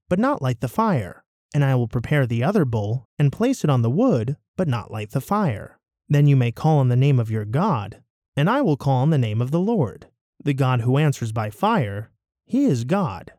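A fierce, commanding male prophet, as a man reading scripture puts him on, declaiming with sweeping pitch that climbs high on his cries. The tone stays mellow and the sound is dry and close. He speaks like someone used to being obeyed. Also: dry recording, natural voice. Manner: declaiming, rising to fervent cries.

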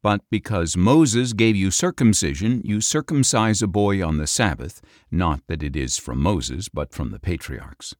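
A man voicing Jesus as a calm grown man who teaches with authority, in earnest, measured speech. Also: low voice, dry recording, clean studio sound. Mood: reasoning.

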